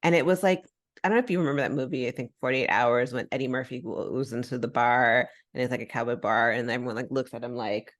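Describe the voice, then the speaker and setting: With a rumbling low voice and a fast delivery, an American woman hosts a podcast and tells a personal story. Animated and chatty, she imitates the voices of the people she describes.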